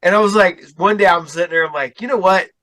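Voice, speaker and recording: A man telling a story in casual podcast chat, acting out quotes with big jumps in pitch. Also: fast talker, sharp tone. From Ohio. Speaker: podcast guest.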